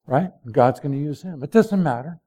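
A man's voice: fairly high pitch, animated, a little fast, dark tone. A man in his late sixties preaching a folksy, storytelling sermon, asking the congregation direct questions. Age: 60s. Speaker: pastor.

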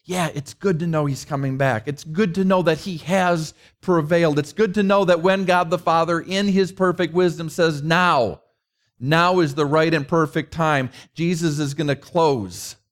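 A man's voice: fairly high pitch, normal speed. A middle-aged man preaching a conversational sermon, mixing rhetorical questions with personal stories. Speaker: pastor.

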